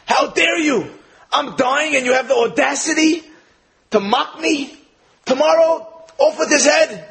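A man voicing a dying, indignant king who shouts his anger in a raised voice. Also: fairly high pitch, expressive, fast talker, voice pushed down, lightly acted. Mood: outraged. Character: dying angry old king.

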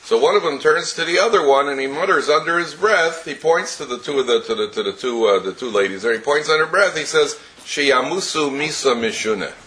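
A man's voice: a little high, pushed and bright, a little hiss or hum. A man teaching a Torah class, telling stories with many restarts and chuckles.

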